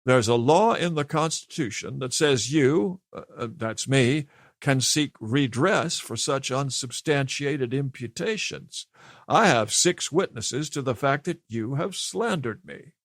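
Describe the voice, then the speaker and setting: A man's voice: medium pitch, animated, measured pace, no echo, pitched above the performer's own voice. A man voicing a cool, sardonic male prisoner who speaks mildly but with contempt. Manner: mild, dry, contemptuous.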